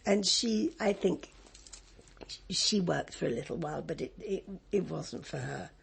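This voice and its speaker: A woman's voice: low voice, measured pace, creaky, slightly rough. An older woman from Egypt with an English accent, reminiscing in an interview, rambling and laughing often with many restarts.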